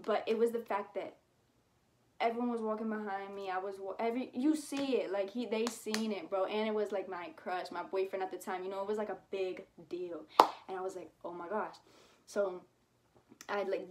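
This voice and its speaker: A woman's voice: mid-range voice, fairly even intonation, moderate pace, noisy background. A young woman vlogger telling a personal story and giving advice in a casual, chatty way, full of "like" fillers and slang. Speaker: YouTuber.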